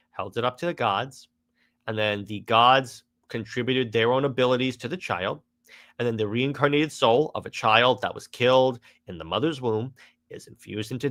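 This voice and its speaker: A man's voice: mid-range voice, fairly bright tone. A man giving a casual, exasperated critique of a comic run, rambling with frequent restarts.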